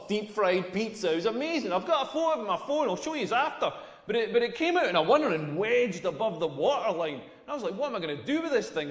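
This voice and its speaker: A Scottish man doing a crude, self-deprecating stand-up comedy set on a club stage. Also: high voice. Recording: echoey room with long reverb.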